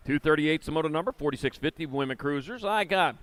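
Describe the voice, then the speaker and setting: A man's voice: on the high side, fairly bright tone, smooth, no echo. A man announcing live BMX races in an indoor arena, rattling off rider names and moto numbers with corny jokes between heats. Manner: rapid-fire rider call-outs with corny jokes. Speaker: race announcer. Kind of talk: live race commentary.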